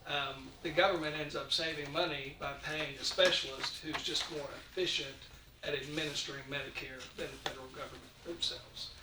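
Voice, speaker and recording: A man's voice: fairly high pitch, fairly even intonation, a little fast. A man speaking as an insurance consultant, explaining plainly at a public meeting with frequent ums and uhs. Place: county meeting room. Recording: echoey room, distant mic, faint noise.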